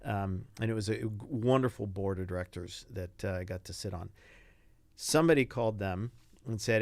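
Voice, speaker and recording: An older man, a retired Navy pilot, telling animated stories as an interview guest and acting out the people he quotes. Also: fairly low pitch, normal speed, gravelly, no echo. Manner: animated anecdotes, acts out quoted voices. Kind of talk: casual interview storytelling.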